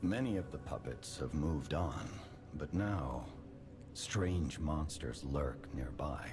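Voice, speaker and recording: Grave, deep-voiced game character. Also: male voice. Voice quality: very deep and measured. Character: grave man, a game character sharing rumors. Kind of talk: game dialogue. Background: game music.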